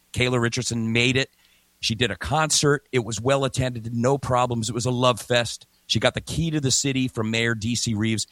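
A man's voice: mid-range voice, a bit bright, no echo. A man hosting a morning radio talk show, chatting energetically and reading ads with emphatic repetition. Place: remote broadcast from a hotel or home setup.

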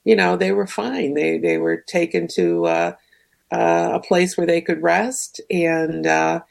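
A woman's voice: on the low side, fairly even intonation, unhurried, creaky, darkish tone. A woman guest on a radio talk show, speaking hesitantly with many ums and uhs. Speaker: guest researcher. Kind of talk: radio interview.

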